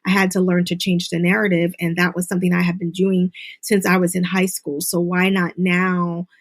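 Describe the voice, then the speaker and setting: A middle-aged woman as an interview guest, earnestly telling a personal story and mimicking others in high voices. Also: little pitch movement, moderate pace. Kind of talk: interview conversation.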